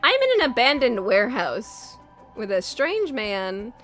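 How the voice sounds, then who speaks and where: A woman's voice: on the high side, sing-song, unhurried, a bit bright, soft background music. A woman voicing a drugged young woman held captive, groggy and then defiant and crude.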